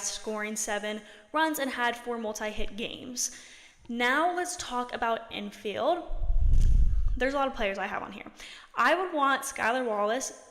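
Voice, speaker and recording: A woman hosting a sports podcast, reading long runs of player statistics and correcting her slips with quick apologies. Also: fairly high pitch, bright, forceful tone, in a large hall. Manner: reads long lists of stats, corrects herself with quick apologies. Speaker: podcast host.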